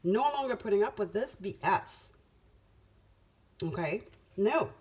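A woman's voice: mid-range voice, expressive, slow, darkish tone, slightly rough. A woman giving a casual tarot reading, emphatic and repeating phrases for effect. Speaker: tarot reader.

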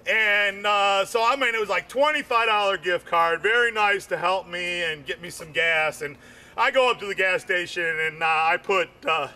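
A man's voice: high voice, normal speed, bright, forceful tone. A man doing comedy, telling a long rambling story full of fillers and repeated words.

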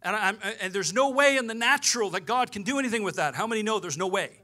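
Bright-voiced pastor telling a story. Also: male voice, high voice, quick pace. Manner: storytelling with quoted dialogue, animated. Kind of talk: sermon.

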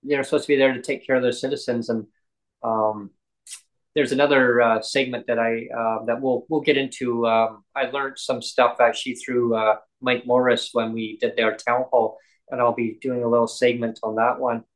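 A man chatting casually on a podcast, telling stories in a halting, rambling way with many ums and restarts. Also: medium pitch, level tone, poor audio. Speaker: podcast host and guest. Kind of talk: casual chat.

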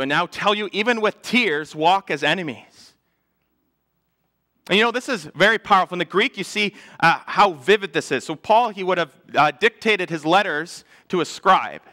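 A man, a pastor, preaching a sermon in a church, earnest, building up louder and then falling to a hush. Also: sits high.

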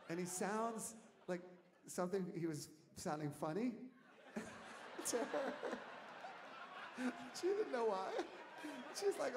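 Middle-aged male musician, onstage storyteller, slightly high voice, animated and laughing, faint tape hiss. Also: creaky. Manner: animated, laughing, swings from mumbling to shouting. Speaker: musician telling a story on stage. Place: live concert venue. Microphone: stage mic, audience tape. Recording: audience taper recording, faint hiss.

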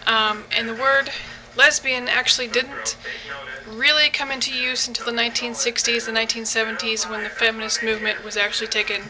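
A woman's voice: a little high, flat delivery, fairly quick, crowd noise, low-quality recording. A young woman from the United States giving a casual video response, hesitant, with many ums and restarts. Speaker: vlogger.

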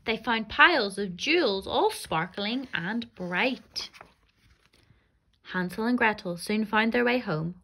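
A woman, a primary school teacher, reading a rhyming fairy tale aloud to young children in an expressive, sing-song way. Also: medium pitch, unhurried.

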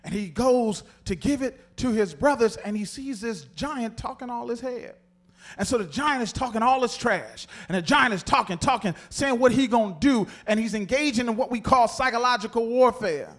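Male pastor, very high voice, animated sermon, calls out to the congregation. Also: moderate pace.

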